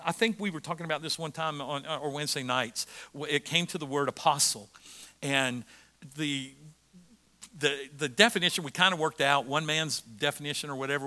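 Bright-voiced preaching American pastor. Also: male voice, fairly high pitch. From United States. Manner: preaching, swinging from quiet to loud emphasis with repetitions. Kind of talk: sermon.

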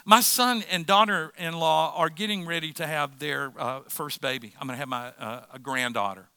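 A man's voice: fairly high pitch, moderate pace, creaky, bright, forceful tone, smooth, dry recording. A middle-aged man preaching a sermon as pastor, impassioned and repeating phrases for emphasis.

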